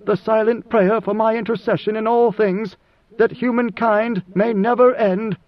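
A man voicing Leto, slow solemn god-emperor. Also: high voice, steady tone, voice pushed up. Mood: gentle. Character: vast ancient god-emperor, part sandworm, commanding. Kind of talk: audiobook character voice. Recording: dull lo-fi recording.

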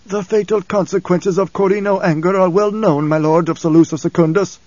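A man's voice: high-pitched, fairly even intonation, brisk, darkish tone, no room sound, lo-fi sound, voice pushed up, natural voice. A man voicing a cold, proud, masked old dream interpreter with a bitter twang. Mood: cold, cryptic.

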